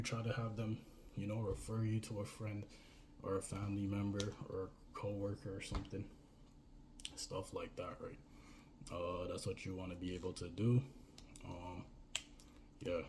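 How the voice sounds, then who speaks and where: Brief: man, even low delivery, chatty coaching monologue, keeps checking in with "right?". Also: noisy background. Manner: rambling, repeats "right?" and "you know". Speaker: business coach. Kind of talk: casual advice monologue.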